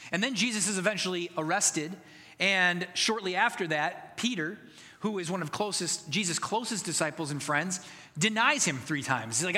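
A man's voice: high voice, a little fast, bright, forceful tone, long reverb tail. A man preaching a sermon as pastor, earnest and conversational, building to emphatic passages.

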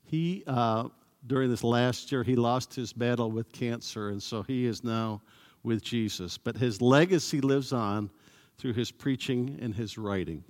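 A man preaching a sermon as pastor, slow and emphatic, sometimes acting out sarcastic voices. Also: mid-range voice. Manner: animated, acts out sarcastic voices; slow, emphatic delivery with pauses. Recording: long hall reverb.

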